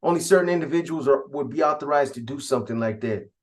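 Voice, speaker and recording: A man's voice: mid-range voice, fast. A man casually recounting a prison gang story in profane street slang.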